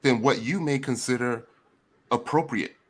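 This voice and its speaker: A man's voice: mid-range voice, moderate pace. A man on a review panel, challenging another panelist in a casual debate. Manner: challenging, pressing the other speaker.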